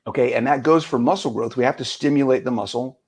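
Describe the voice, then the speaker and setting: A man's voice: mid-range voice, fast, a little mellow, breathy edge. A man, a guest coach, explaining energetically in a casual podcast discussion, now and then quoting what the body says.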